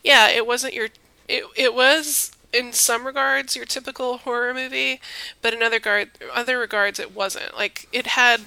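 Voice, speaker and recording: A woman's voice: a little high, steady tone, moderate pace, gravelly, sharp tone, smooth, dry recording. A woman in her twenties from Texas co-hosting a casual podcast, chatty and a bit tipsy, often trailing off mid-thought. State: a little tipsy. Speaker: podcast co-host. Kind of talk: casual chat.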